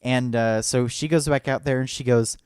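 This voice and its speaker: Brief: young male podcast co-host, mid-pitch, rambling anecdote style, dry close mic. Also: fairly even intonation, moderate pace, a little mellow, smooth, no room sound. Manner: rambling storyteller, full of fillers, acts out quoted lines. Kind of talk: casual chat.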